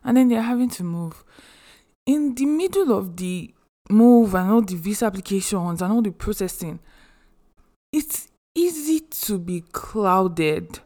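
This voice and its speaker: Young adult woman, podcast host, mid-pitched voice, chatty and expressive, joking asides. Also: unhurried. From Nigeria. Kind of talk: casual advice monologue.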